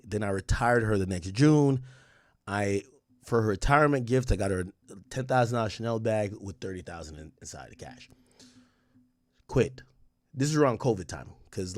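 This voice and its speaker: A man chatting to his livestream audience in a casual, slangy way, with plenty of profanity. His pitch swings widely as he tells stories. The sound is dry and close. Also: no room sound. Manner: animated storytelling with slang and profanity. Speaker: streamer.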